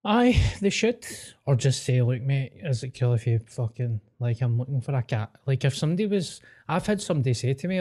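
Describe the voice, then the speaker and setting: A man's voice: mid-range voice, fairly quick. A Scottish man co-hosting a podcast, joking crudely and swearing freely in casual banter. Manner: joking, swears freely, deadpan wind-ups. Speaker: podcast co-host.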